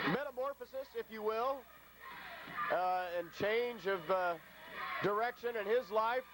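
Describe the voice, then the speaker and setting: A hoarse man with an unusually high voice calls live wrestling play-by-play from ringside. He rambles between the moves with plenty of fillers. The old camcorder recording carries clear background noise. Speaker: wrestling commentator. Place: ringside at a local wrestling show.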